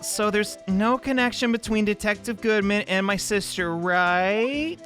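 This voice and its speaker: A man's voice: high-pitched, measured pace, a bit bright, faint music behind, voice pushed up. A man voicing an earnest young woman, anxious and pleading. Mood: worried. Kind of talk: voicing game dialogue.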